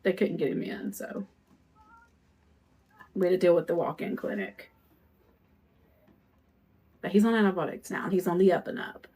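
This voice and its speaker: A woman's voice: fairly low pitch, fairly even intonation, normal speed, long pauses, mellow, husky. A woman hosting a crafting live stream, chatting to viewers in a rambling, conversational way while she works. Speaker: custom cup shop owner hosting a live stream.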